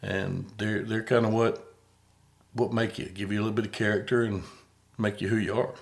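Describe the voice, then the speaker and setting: A man's voice: fairly low pitch, level tone, normal speed, creaky. A man hosting a podcast in casual conversation, folksy and rambling, often repeating words as he starts a thought. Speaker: podcast host.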